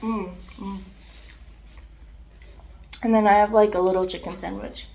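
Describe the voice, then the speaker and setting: A woman's voice: mid-range voice, measured pace, vocal fry, slight background noise. Chatty young woman eating on camera. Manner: chatty, filler-heavy, excitable, with chewing and "mm" sounds between remarks. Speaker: mukbang vlogger. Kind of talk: casual chat while eating.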